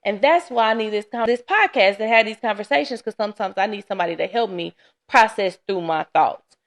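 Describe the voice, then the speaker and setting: A woman's voice: mid-range voice, fairly quick. A woman hosting a casual solo podcast, chatty and candid, sounding tired and laughing often. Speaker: podcast host. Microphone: camera.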